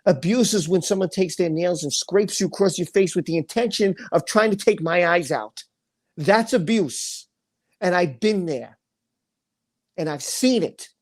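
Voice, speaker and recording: A man's voice: sits high, lively intonation, a little slow. A man hosting a livestream, ranting with anger and emotion, repeating phrases and reading chat comments aloud. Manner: angry, impassioned, repeats phrases. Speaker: livestream host.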